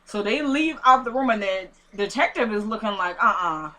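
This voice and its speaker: Bright-voiced woman recapping a TV episode. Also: on the high side, brisk. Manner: animated, acts out quotes, exclaims. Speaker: TV show recapper.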